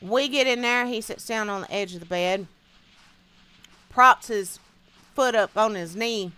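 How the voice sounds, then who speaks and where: A woman streamer with a bright, sharp voice chats in a folksy, animated way as she plays. Her country drawl carries her homespun stories, told casually into a desk mic. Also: mid-range voice, a little slow, smooth. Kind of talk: casual storytelling while gaming.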